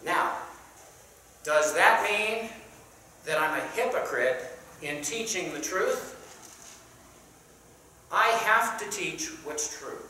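A Sunday school teacher with a bright, sharp-edged voice talks through a Bible lesson in a casual, halting way, with plenty of "uh"s and questions for the class. The scripture passages come in old King James wording. The voice bounces around a very echoey church room, picked up from well away from the mic with a faint hiss underneath. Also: medium pitch, expressive, recorded from a distance. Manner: conversational, asks the class questions, many "uh"s.

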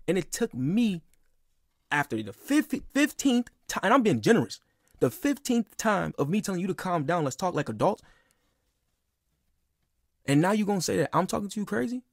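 A man's voice: fairly high pitch, lively intonation, fast, vocal fry, no room sound, studio quality. A man in his twenties venting in a casual, emphatic, profane monologue that keeps circling back on itself. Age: 20s. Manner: emphatic, profane, repeats himself. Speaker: podcast guest.

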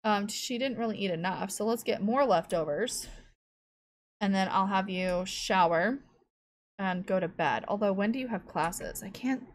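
A woman's voice: mid-range voice, moderate pace, a little hiss or hum. A woman giving casual gameplay commentary at home into a desk microphone, chatting as she thinks aloud and cooing to her cat. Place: home room at a computer.

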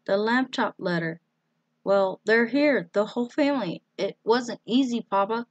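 A woman's voice: a little high, unhurried, no room sound, muffled recording, pitched above the performer's own voice, natural voice. An eager young girl with a raised, pleading voice, as a woman reads her part. She runs her words together. The recording is dry and close.

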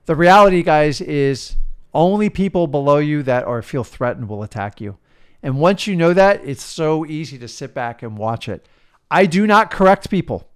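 A man's voice: fairly high pitch, expressive, normal speed, clear, resonant tone. A middle-aged man, a real estate coach, giving an emphatic motivational talk that often repeats itself. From United States. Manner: emphatic, preachy, repeats himself.

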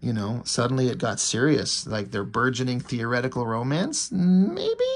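A man's voice: medium pitch, sing-song, moderate pace. A man casually reviewing a comic book, enthusiastic and swearing freely, with many fillers. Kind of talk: casual comic review, reading quoted dialogue.

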